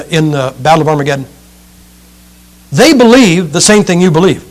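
A man preaching a sermon in an animated, joking way, firing off rhetorical questions to his listeners. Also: high-pitched.

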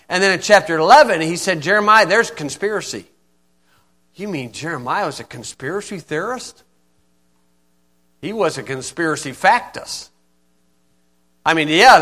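A man's voice: on the high side, bright, forceful tone. A man preaching an informal sermon in a folksy, blunt way, often asking "okay?".

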